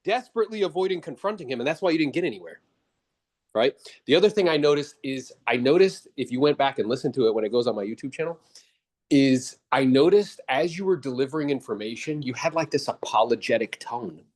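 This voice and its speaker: A man's voice: mid-range voice, lively intonation, quick pace, darkish tone. A man coaching a real estate agent after a role-play, blunt and casual, calling him bro. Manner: briefly mimics others in exaggerated voices.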